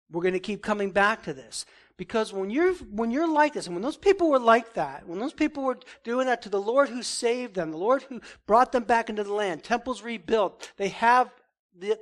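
A man's voice: sits high, fairly bright tone. A man preaching a sermon in an earnest, emphatic way, asking questions and answering them himself. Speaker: pastor.

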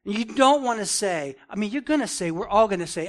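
A man teaching from the Bible in a fairly high voice. He is earnest and conversational, peppering his points with "man" and "right?" and pressing hard when he stresses a command. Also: lively intonation, moderate pace. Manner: earnest, repeats "man" and "right?", swells in emphasis. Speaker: preacher.

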